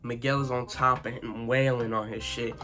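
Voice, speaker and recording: A man's voice: medium pitch, level tone, normal speed, sharp tone, soft background music. A young man telling a school story in a casual, rambling, profane way, full of "you know what I'm saying.". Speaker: vlogger.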